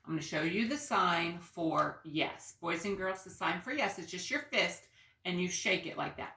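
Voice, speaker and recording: A woman preschool teacher talks slowly and sing-song to young children, coaxing and encouraging, slipping into soft asides. Her voice is bright and a little low for a woman. The room around her echoes. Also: vocal fry. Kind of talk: reading to young children and leading a class activity.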